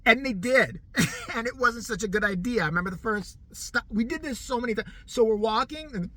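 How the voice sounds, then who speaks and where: A middle-aged man spins a casual yarn for his viewers, his voice ringing bright and forceful. He swears freely and keeps breaking into laughter as he talks. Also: very high voice, brisk, no room sound. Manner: animated, profane, laughs often while telling. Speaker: vlogger. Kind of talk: casual storytelling.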